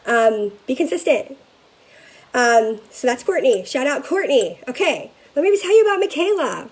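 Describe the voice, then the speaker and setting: A woman leading a sales team, giving an energetic motivational talk to camera and often checking in with a quick "okay?". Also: high-pitched, husky, poor audio. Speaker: direct-sales team leader.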